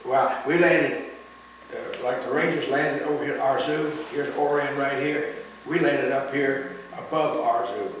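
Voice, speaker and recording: A man's voice: medium pitch, steady tone, unhurried, a bit bright. An older man, a veteran, telling his war stories in a rambling oral history interview, full of restarts. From United States. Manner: rambling storytelling with many restarts, chuckling at the memories. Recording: roomy, distant mic with faint hiss.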